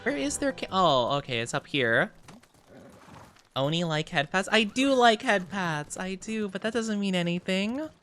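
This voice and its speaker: A man's voice: high-pitched, big pitch swings, a little slow, a bit bright, soft background music. A young man streaming a game, chatting with his viewers and playfully denying their teasing. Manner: playfully defensive, teasing denials to chat.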